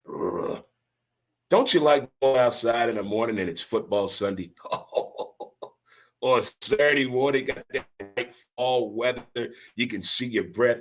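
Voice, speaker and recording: A man hosting his own podcast, riffing in a folksy, catchphrase-heavy way and talking straight to his listeners. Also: on the low side. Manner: folksy, repeats catchphrases, addresses listeners directly. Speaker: podcast host. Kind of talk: casual talk show monologue.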